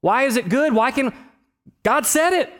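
A man in his thirties from Texas preaching a sermon, conversational with personal stories, rising to loud emphatic bursts and dropping to quiet low asides. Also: expressive, normal speed. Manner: conversational, with restarts and personal anecdotes. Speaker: pastor.

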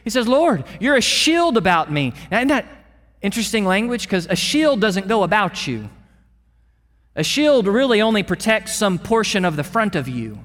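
A pastor delivering an earnest sermon, repeating words and dropping to a hush for emphasis. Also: male voice, high-pitched, very animated, moderate pace, long reverb tail. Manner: earnest, with repeated words and dramatic drops in volume.

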